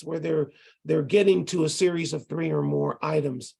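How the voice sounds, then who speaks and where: Guy lecturing tutors over a video call, kinda gravelly and husky, explains things patiently. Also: a little high, moderate pace, dark tone. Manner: explanatory, demonstrates rhythm by chanting syllables. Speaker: ESL instructor training tutors. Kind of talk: online lecture.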